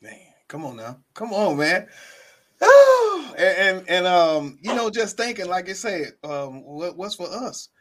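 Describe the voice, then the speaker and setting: A man's voice: high voice, unhurried. A man hosting a podcast interview, backing up his guest with encouraging words and steering the chat along. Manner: encouraging affirmations, relaxed. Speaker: podcast host.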